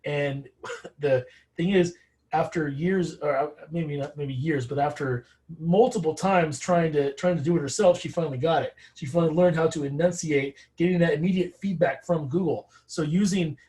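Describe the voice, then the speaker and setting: A man co-presenting a teacher webinar, speaking in a halting way with repeated words. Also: a little high, a little mellow, poor audio.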